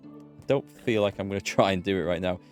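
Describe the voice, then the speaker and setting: A man from North Yorkshire with a fairly low voice, carrying his natural accent. He chats loosely through a live gameplay stream and turns to answer questions from his viewers. Faint game music plays underneath. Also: fairly quick. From North Yorkshire, England. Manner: chatty, answering viewers' chat between game actions. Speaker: let's play streamer.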